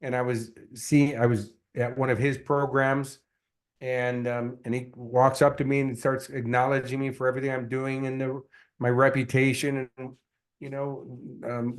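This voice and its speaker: A man, a success coach and guest, telling his story in an earnest, animated way, with many fillers. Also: medium pitch, moderate pace. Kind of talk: casual interview storytelling.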